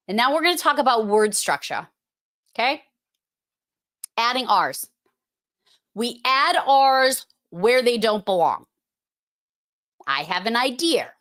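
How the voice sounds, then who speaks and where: A woman's voice: fairly high pitch, sing-song, takes it slowly, long pauses, a bit bright. A woman with a strong Boston accent hosting a casual livestream, talking in a playful, emphatic, teasing way. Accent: Boston, Massachusetts. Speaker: host.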